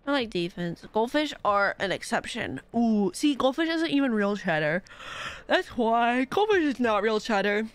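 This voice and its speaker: A bubbly young woman chats away with her stream while she plays. Her voice sits a little high, with faint game music underneath. She talks casually, jumping from topic to topic. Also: very animated, normal speed. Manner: chatty, bubbly, reacting to chat. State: out of breath. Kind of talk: casual chat while gaming.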